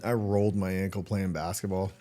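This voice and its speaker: A man co-hosting a podcast, explaining things plainly and getting animated when he tells a story. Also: low-pitched, a little fast, a little hiss or hum. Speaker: podcast co-host. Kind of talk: casual chat.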